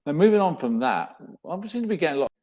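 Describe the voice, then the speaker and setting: A man's voice: on the high side, big pitch swings, quick pace, mellow. A man hosting a livestream, speaking bluntly and dismissively. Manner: blunt and dismissive, casual ain't. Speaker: livestream host. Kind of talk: livestream chat.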